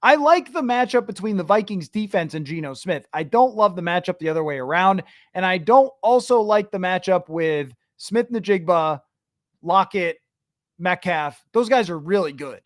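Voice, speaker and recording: A man's voice: high-pitched, lively intonation, normal speed, no room sound, studio quality. A man hosting a sports podcast, chatting casually, answering listener questions and thinking aloud. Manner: conversational, thinks aloud with restarts. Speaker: podcast host.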